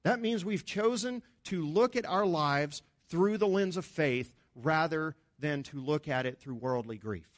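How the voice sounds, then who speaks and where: A pastor preaching a sermon in an earnest, conversational way, with emphatic rises on key points. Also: male voice, fairly high pitch, unhurried, hardly any pauses, no room sound, studio quality.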